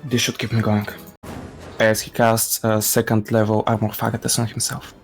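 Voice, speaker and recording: A man playing in a tabletop game, describing his character's actions in a slow, pausing way. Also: on the low side, little pitch movement, soft background music, rough recording. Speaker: player.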